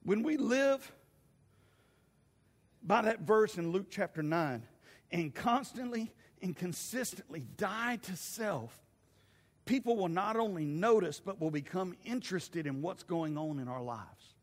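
A male pastor preaching an animated sermon, swinging from shouts to hushed asides. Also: sits high, unhurried. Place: church sanctuary. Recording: long church reverb.

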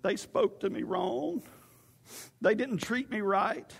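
A man's voice: sits high, expressive, slow, vocal fry, breathy edge, in a large hall, full character voice. A man preaching, mockingly voicing a self-pitying, complaining churchgoer. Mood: whiny. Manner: whiny, mocking.

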